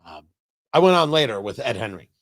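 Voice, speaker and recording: A man's voice: mid-range voice, big pitch swings, fairly quick, a bit bright. A male radio talk show host giving opinionated political commentary from the studio, full of sarcastic, riffing asides.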